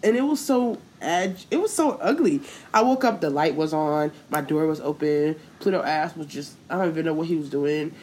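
Young woman co-host, lower voice, animated slangy storyteller, faint noise behind. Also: normal speed, few pauses. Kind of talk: casual chat.

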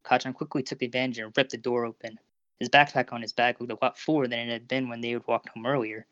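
A narrator reading fan fiction aloud in a steady, even manner over a Discord call. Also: mid-range voice, quick pace, no echo. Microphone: Discord voice call recording. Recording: dull lo-fi Discord audio.

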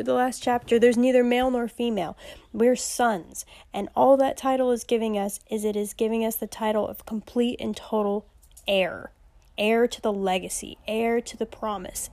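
A woman hosting a podcast, teaching from scripture in a casual, animated way, reading passages aloud and laughing often. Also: fairly high pitch, unhurried.

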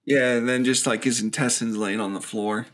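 A man co-hosting a casual film review podcast, retelling scenes in an animated way. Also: medium pitch, normal speed. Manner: animated, jumps into voices while retelling scenes. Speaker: podcast co-host.

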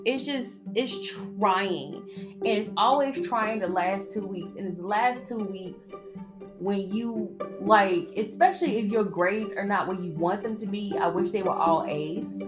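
A young woman hosting her own podcast, talking in a casual solo monologue with a soft, low-key delivery and blunt, opinionated, slangy asides. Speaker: podcast host.

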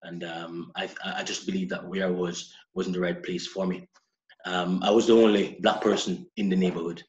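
A Jamaican man with a fairly low voice chats as an interview guest. He tells his story in a lively way, often repeating words as he starts over. The recording sounds dull and boomy, with plenty of room echo. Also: moderate pace. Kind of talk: casual interview chat.

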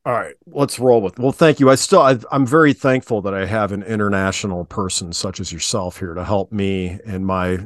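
A man's voice: lowish voice, normal speed, hardly any pauses, no room sound. A middle-aged man from Ohio, co-hosting a podcast in casual chat, with wry, self-mocking humor. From Ohio, USA. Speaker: podcast co-host.

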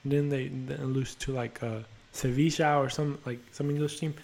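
A man's voice: mid-range voice, level tone, normal speed, gravelly, a little mellow. Rambling man chatting about soccer. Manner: rambling, joking, swears, self-mocking. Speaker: podcast host. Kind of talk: casual soccer chat.

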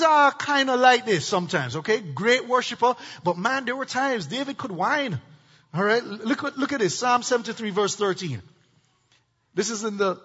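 A man's voice: sits high, pushed and bright, slightly rough. A middle-aged male pastor preaching a sermon, prompting the congregation to answer back. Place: church sanctuary. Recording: dull echoey hall recording.

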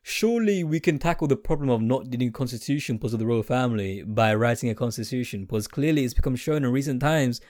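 A man's voice: mid-range voice, lively intonation, fast, few pauses, a little mellow, dry recording, studio quality. A young British man giving a blunt, sarcastic, rambling opinion monologue. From United Kingdom.

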